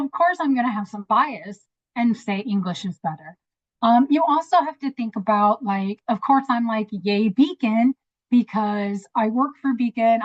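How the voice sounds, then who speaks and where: A woman's voice: medium pitch, dry recording, muffled recording. A woman English teacher giving a casual online lesson, chatty, with many ums and stumbles over hard words.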